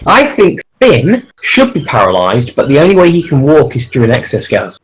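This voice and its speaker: A man's voice: medium pitch, wildly swooping pitch, normal speed, low-quality recording. A man chatting casually with a friend, eagerly rambling through plot ideas he makes up as he goes.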